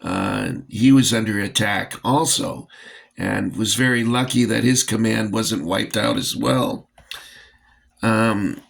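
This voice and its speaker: A man's voice: medium pitch, creaky, a bit bright. A man casually reviewing vintage toy soldiers, rambling with lots of fillers and dry jokes, a bit winded.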